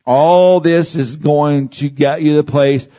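A man's voice: a little high, fairly even intonation, a little slow, dark tone. A man preaching to a congregation. He guides listeners through exercises, repeats his phrases, drops in "Amen" and calls for responses. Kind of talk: sermon teaching.

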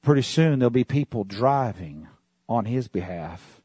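A man preaching a sermon in an animated way, often jumping up into high excited exclamations. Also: measured pace, slightly rough, dry recording.

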